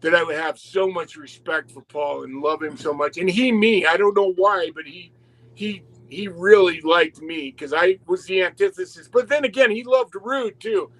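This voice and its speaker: A man telling wrestling stories in casual chat, animated and swearing constantly. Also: sits high, normal speed, rough recording. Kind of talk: casual profane storytelling.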